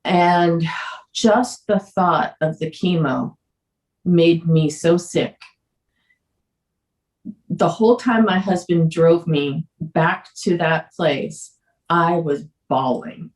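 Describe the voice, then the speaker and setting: A woman podcast guest candidly telling a personal story, earnest and emotional, sometimes halting. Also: fairly low pitch, a little mellow, far from the mic. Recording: roomy echo.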